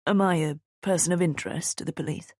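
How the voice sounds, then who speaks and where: A woman voicing a composed middle-aged man in an audiobook, measured and reasonable in tone. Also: fairly low pitch, fairly even intonation, a little mellow, no room sound, studio quality, lightly acted. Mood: guarded.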